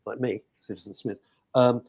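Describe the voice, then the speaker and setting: A man hosting a radio chat show, talking in a chatty, animated way that sometimes drops to a hushed aside. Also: medium pitch, moderate pace, breathy edge, dry recording, muffled recording. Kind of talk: casual chat.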